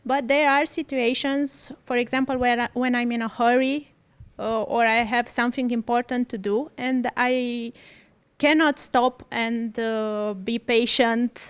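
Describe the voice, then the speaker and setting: A Romanian woman, a mother, poses her question in English slowly and hesitantly, pausing for words. Her voice is fairly high and smooth, and her delivery clear. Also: fairly even intonation. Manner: hesitant, many pauses and fillers. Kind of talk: interview question.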